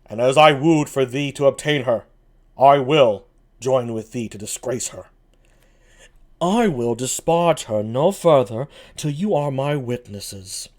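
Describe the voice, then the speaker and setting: A man's voice: mid-range voice, measured pace, natural voice. A man reading aloud as a mopey, gloomy male villain in a solo play reading. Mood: mopey scheming.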